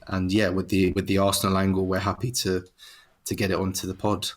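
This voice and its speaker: A man's voice: low voice, completely flat delivery, a little fast. A man chatting as a podcast guest, talking casually and hesitantly. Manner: hesitant, many fillers and restarts. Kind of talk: casual chat.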